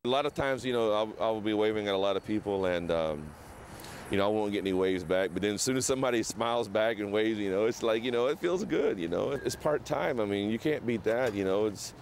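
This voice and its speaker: A man's voice: on the low side, brisk, gravelly, darkish tone, slight background noise. A young man from South Arkansas, talking in a laid-back, rambling, self-mocking way in a documentary interview. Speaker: interviewee, costumed sign waver.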